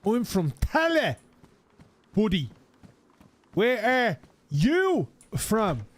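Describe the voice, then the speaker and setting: A man voicing a friendly barman in a joke, speaking slowly and over-enunciated. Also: high-pitched, huge pitch swings, voice pushed up, exaggerated voice.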